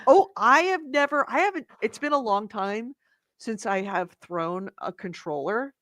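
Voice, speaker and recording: Lively, high-voiced woman co-hosting a podcast. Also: a little slow, no echo. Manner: animated, swears freely, laughs while telling stories. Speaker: podcast co-host. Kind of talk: casual chat. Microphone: remote call mic with echo cancellation.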